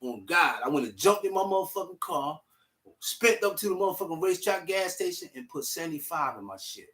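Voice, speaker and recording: A young man telling a personal story in casual, animated street slang, swearing freely. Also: fairly high pitch, brisk. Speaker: vlogger.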